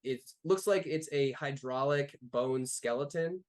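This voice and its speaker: A man's voice: medium pitch, unhurried. A man narrating as game master of a tabletop game, describing scenes loosely with many fillers.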